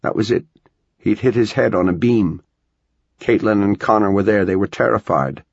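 A man narrating an audiobook in a calm, steady storytelling voice with a gravelly, husky sound, on a dull, dry recording. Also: fairly low pitch, moderate pace, no room sound. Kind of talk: scripted narration.

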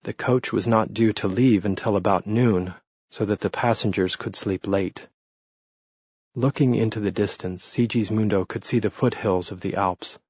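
Brief: steady male storyteller, dry close recording, low voice. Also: normal speed, husky, no room sound, highs cut off. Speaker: audiobook narrator. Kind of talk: scripted narration.

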